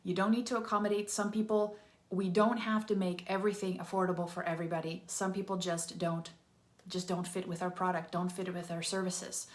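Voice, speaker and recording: A woman hosting her own channel, giving casual advice straight to camera in a chatty, animated way and acting out the voices of people she quotes. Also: fairly low pitch, brisk, reverberant. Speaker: channel host.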